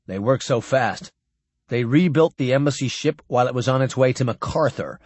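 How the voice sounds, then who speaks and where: A man's voice: normal speed, a little mellow, breathy edge, no echo, lightly acted. A man doing a grim naval officer. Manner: grim, low-spoken.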